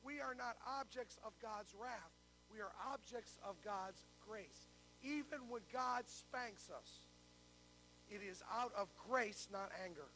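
Older man, pastor, very high voice, sermon with call-and-response, faint hum. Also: expressive, takes it slowly, bright, forceful tone. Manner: preaching with call-and-response questions.

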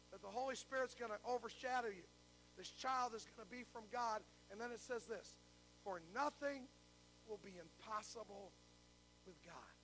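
Slight background noise sits under this older man's very high-pitched, sharp voice. He's a pastor delivering a sermon, relating a story and then calling on the congregation to respond aloud to his questions.

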